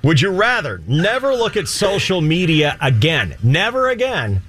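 A man's voice: fairly high pitch, sing-song, fairly bright tone, slight background noise. A man co-hosting a morning TV show, teasing his colleagues and drawing out quiz questions in playful studio banter. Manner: teasing, mock-prim, drawn-out questions. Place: TV news studio.

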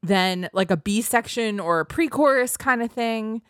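A woman's voice: fairly high pitch, lively intonation, normal speed, fairly bright tone, no echo, studio quality. A young woman from the United States, chatting casually and giggling, using "like" a lot. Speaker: podcast co-host, songwriter. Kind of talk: casual chat.

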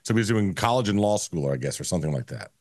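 Low-voiced man in casual sports talk. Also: animated, fast, darkish tone, no echo, studio quality. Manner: blunt, rambling, crude jokes. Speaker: podcast co-host.

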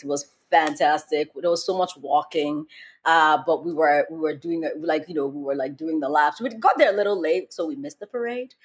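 A woman hosting a podcast, telling a story in casual chat, animated and laughing as she acts out quotes. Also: lowish voice, husky. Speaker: podcast host.

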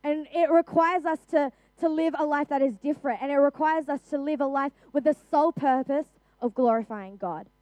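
Young Australian woman, youth preacher; high voice, earnest and chatty, dry close sound. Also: fairly quick, few pauses, a little mellow, no echo. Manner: earnest, conversational, with frequent restarts and "like". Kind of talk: sermon.

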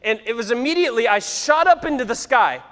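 A man's voice: very high-pitched, animated, fast, fairly bright tone. A man preaching in a church sanctuary, telling a story dramatically and laughing often. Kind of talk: sermon with vivid storytelling. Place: church sanctuary, live before a congregation. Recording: long reverb of a large church hall.

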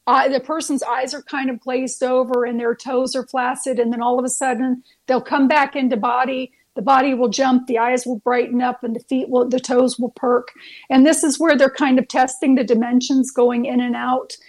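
A woman's voice: high-pitched, little pitch movement, normal speed. A nurse, a woman, earnestly telling heartfelt stories as a guest, with frequent fillers and restarts. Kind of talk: storytelling guest on a talk show.

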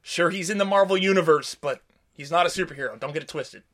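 A man's voice: fairly high pitch, quick pace, a bit bright. A man co-hosting a podcast, recapping a show in casual, profane, rambling chat and acting out quotes. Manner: rambling, profane, acts out quotes in silly voices. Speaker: podcast co-host.

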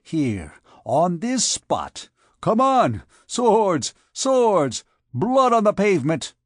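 Brash young captain, quick to draw steel, gallant and boastful, put on by a male narrator. Dry audiobook sound. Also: medium pitch, animated, no room sound. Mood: furious.

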